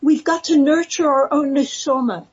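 A woman teaching a Torah talk in a slow, earnest, pleading cadence. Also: high voice, darkish tone. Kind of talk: spiritual talk. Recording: muffled lo-fi recording.

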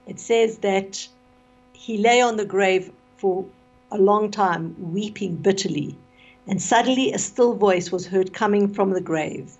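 A woman retelling a story on the radio, expressive and with fillers, on a dull lo-fi recording. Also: medium pitch, a little slow.

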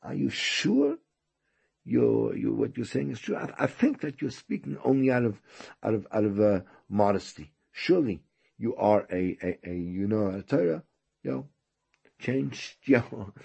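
A man's voice: medium pitch, big pitch swings, unhurried, creaky, a little mellow, slightly rough, heavily acted. A man voicing a fussy male attendant who stammers and hesitates.

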